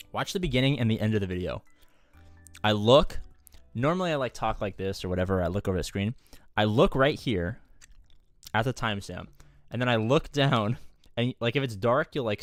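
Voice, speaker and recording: Male streamer, casual rambling chat, jokey, swears a lot, lowish voice, faint music behind. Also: no room sound.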